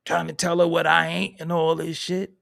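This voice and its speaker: A man's voice: a little high, completely flat delivery, moderate pace, vocal fry, fairly bright tone, dry recording, clean studio sound. A man telling a story in a casual, profane and emphatic way, laughing between lines.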